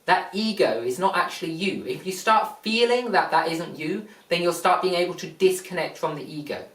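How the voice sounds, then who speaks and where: A man giving a slow, repetitive spiritual talk, explaining and asking rhetorical questions. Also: high-pitched, lively intonation, fairly bright tone. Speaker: spiritual teacher. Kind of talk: teaching monologue. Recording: roomy, distant mic.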